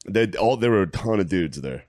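A man's voice: deep voice, animated, normal speed, a little mellow, no room sound, studio quality. A man in casual comedy chat, telling crude stories between laughs.

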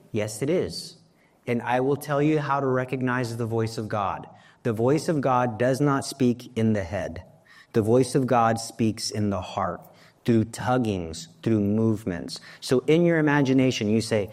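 A man's voice: mid-range voice, measured pace, darkish tone. A man preaching a sermon on prayer, earnest, building to emphatic peaks.

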